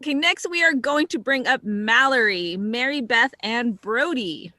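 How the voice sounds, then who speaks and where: A woman hosting an improv show over a video call, announcing each game with cheer. Her voice is bright and lively, and her pace is slow. The sound is dry and close. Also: fairly high pitch, dry recording.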